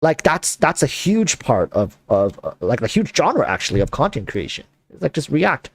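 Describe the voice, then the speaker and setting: A man hosting a casual chat, talking in an animated, rambling way with lots of fillers. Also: mid-range voice, moderate pace, husky, dry recording. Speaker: content creator and host.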